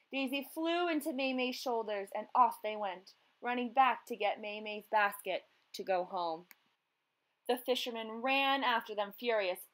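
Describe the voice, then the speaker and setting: A woman's voice: medium pitch, low-quality recording. A woman teacher reading a children's story aloud expressively, then asking young readers questions.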